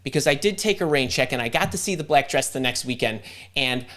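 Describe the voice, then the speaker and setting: An animated male host in his fifties tells a story on a live stream. He talks in a mid-range voice, stumbles over restarts and repeats words as he pushes the story along. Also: medium pitch, brisk.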